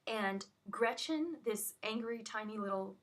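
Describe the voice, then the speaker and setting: A woman's voice: a little high, a little slow, fairly bright tone. A woman on a phone call, telling what happened in an agitated, rambling way full of restarts. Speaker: caller recounting an incident. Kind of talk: emotional phone conversation.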